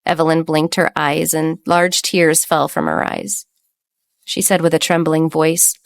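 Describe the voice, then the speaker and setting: A woman narrating an audiobook romance in steady scripted narration. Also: low-pitched, unhurried, creaky, no echo, studio quality.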